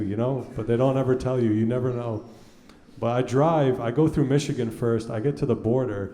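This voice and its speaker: A man's voice: medium pitch, fairly even intonation, a little fast, mellow, roomy sound. A man in his thirties doing a stand-up comedy set on a theater stage, talking casually and profanely and acting out his dialogue. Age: 30s. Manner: conversational, profane, acts out dialogue.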